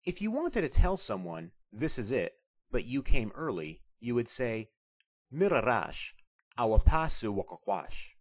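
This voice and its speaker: Man drilling a language lesson, lively pitch. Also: measured pace. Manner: patient question-and-answer drilling, repeating each answer twice. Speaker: language teacher.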